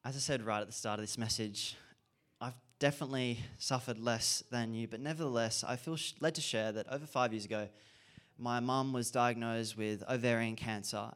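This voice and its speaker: A man giving an earnest, reflective sermon and repeating key phrases for emphasis. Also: mid-range voice. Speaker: preacher.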